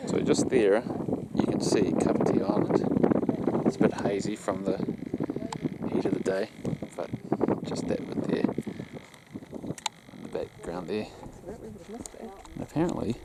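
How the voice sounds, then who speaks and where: A man's voice: deep voice, unhurried, long pauses. Kiwi man hiking, windy outdoor camera audio. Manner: relaxed, chatty, laughs easily. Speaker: hiker filming a vlog. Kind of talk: casual outdoor vlog narration. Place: mountain tops outdoors. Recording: outdoor recording with wind noise.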